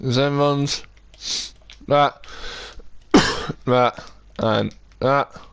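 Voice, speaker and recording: Laid back young guy chatting on his stream, mid pitched voice, nice and smooth. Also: very slow, no room sound. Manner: relaxed, chatty, answers chat as he works. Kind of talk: casual live-stream chat while building in a game.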